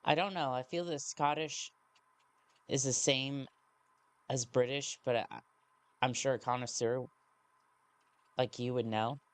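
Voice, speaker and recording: A woman's voice: a bass voice, fairly even intonation, dry recording. Woman streamer, casual gameplay commentary, rambling and self-correcting. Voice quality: rambling, self-correcting, reads on-screen text slowly. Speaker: game streamer.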